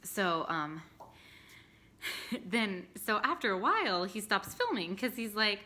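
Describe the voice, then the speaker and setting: A tired young woman chats to the camera in a bright, forward voice. She laughs often and leans on ums and likes as she talks. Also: medium pitch, sing-song, takes it slowly, pauses often. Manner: chatty, laughing often, many fillers. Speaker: vlogger. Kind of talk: casual chat to camera.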